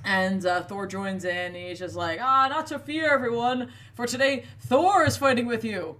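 A woman's voice: on the high side, moderate pace, sharp tone. A woman in casual chat, animatedly retelling a book's plot and acting out the characters' lines. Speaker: podcast co-host retelling a book.

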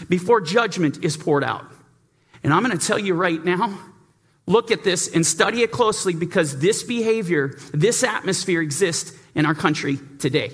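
Urgent high-voiced male preacher. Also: fairly bright tone. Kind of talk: sermon.

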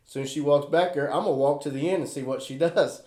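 A man's voice: fairly high pitch, fast, darkish tone. A man telling a rowdy, profane story in casual chat, laughing through his punchlines. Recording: echoey room.

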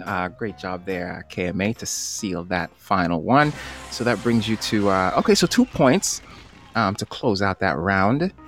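A man hosting a playful tongue-twister game on a video call, upbeat and quick to laugh. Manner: upbeat, laughs often, very lively pitch. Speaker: host. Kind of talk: game show banter.

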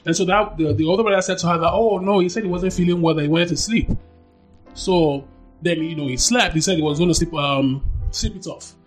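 Woman on a podcast, telling her story all fired up, repeats stuff, soft music way in the back. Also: on the low side, a little fast. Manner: animated, emphatic, acts out quoted dialogue, repeats phrases. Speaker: anonymous podcast guest. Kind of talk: candid personal storytelling.

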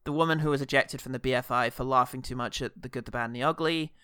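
A man's voice: mid-range voice, fast, clear, resonant tone, no echo, clean studio sound. A man co-hosting a podcast, chatty and laughing often. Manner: chatty, laughs often, does animated impressions. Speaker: podcast co-host. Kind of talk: casual chat.

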